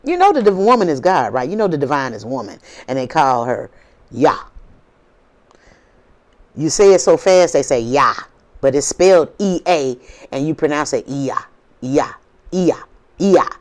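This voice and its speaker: On her own video channel, a spiritual host talks to viewers in a voice that sits low and has a sing-song lilt, moving at normal speed. She's informal and drawling, preachy but casual, saying things again and again and peppering her talk with rhetorical questions.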